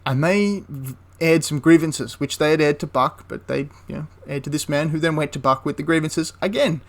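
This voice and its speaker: A man's voice: fairly high pitch, normal speed, vocal fry. A man casually retelling a wartime story for a history channel, rambling with frequent restarts and asides.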